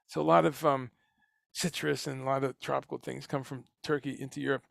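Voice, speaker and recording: A man's voice: mid-range voice, flat delivery, brisk, creaky, no room sound, clean studio sound. A man hosting a casual livestream, talking about food in a rambling, enthusiastic way with many fillers and restarts. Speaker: livestream host.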